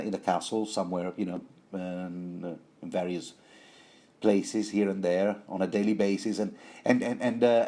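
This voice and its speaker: Rambling, hesitant man with a dark voice. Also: fairly low pitch. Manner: hesitant, many fillers, self-correcting, playful asides. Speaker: book commentator. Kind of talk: rambling book commentary.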